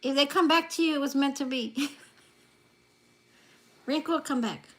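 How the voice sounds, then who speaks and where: Woman livestream host with a high voice, playful and teasing with viewers, laughing often, phone on a table. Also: measured pace, fairly bright tone. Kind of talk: casual livestream chat with viewers. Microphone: phone lying on a table.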